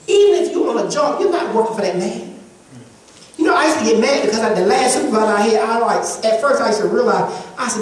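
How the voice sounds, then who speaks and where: A woman's voice: a little high, lively intonation, quick pace. Emphatic woman preaching in an echoey church. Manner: emphatic call-and-response preaching with repeated phrases. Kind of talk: sermon. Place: church sanctuary with congregation. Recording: echoey church hall from far off.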